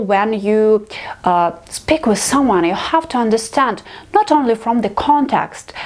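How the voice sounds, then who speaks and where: Slow-speaking woman language teacher. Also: fairly high pitch. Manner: patient, explains step by step in simple non-native English. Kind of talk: online video lesson.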